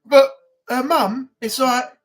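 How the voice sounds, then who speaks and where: This English live-stream host speaks slowly in a high-pitched, steady tone. Chatting casually, the host rambles, reads out viewer comments and rants a little.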